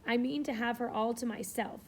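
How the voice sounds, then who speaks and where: A woman's voice: a little high, steady tone, a little fast, slight background noise, lightly acted. A woman voicing a haughty commanding society lady. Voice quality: imperious, commanding.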